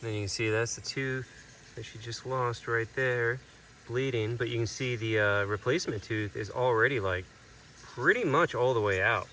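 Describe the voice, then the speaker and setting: A man hosting a casual outdoor vlog at an animal sanctuary, chatty and relaxed as he explains what he is doing. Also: mid-range voice, moderate pace, slight background noise. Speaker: sanctuary keeper and vlog host.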